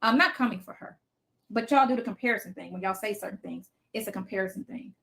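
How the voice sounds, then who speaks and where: A woman's voice: medium pitch, fast talker, creaky, fairly bright tone. A woman in her fifties hosting a casual livestream from her basement, talking bluntly and cursing freely as she answers viewers' comments. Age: 50s. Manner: blunt, profane, defiant. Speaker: livestream host. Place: home basement.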